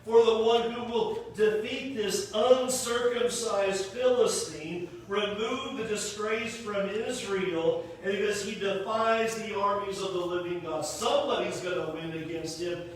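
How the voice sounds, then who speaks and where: A male preacher giving a sermon in a church sanctuary. He tells the story in an animated way and acts out the quoted lines. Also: high voice, a little slow, slight background noise. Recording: echoey hall, mic from a distance.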